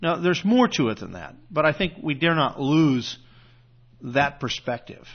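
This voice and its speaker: A man's voice: fairly high pitch, sing-song, measured pace. A man teaching a congregation on a Bible passage in a conversational way, often restarting with fillers. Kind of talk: teaching sermon. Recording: dull, lo-fi sound.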